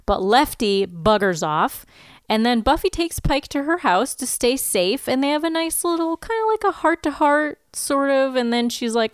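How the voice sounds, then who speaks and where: Smooth-voiced woman recapping a movie. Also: high-pitched, animated, normal speed, dry recording, studio quality. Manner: recaps plot with giggles. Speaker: podcast co-host. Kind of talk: casual movie recap chat.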